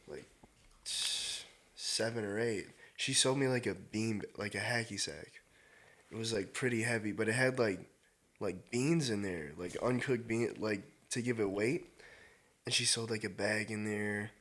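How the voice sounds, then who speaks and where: Male podcast host, casual and animated, slangy interjector. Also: lowish voice. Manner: animated, quick reactions, slangy. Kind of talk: casual chat.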